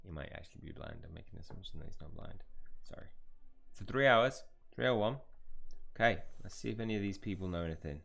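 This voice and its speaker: A man's voice: deep voice, expressive, fast talker, vocal fry, a bit bright. A man casually commentating his mobile game playthrough, rambling and joking at himself. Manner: rambling, self-deprecating. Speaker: gaming channel host.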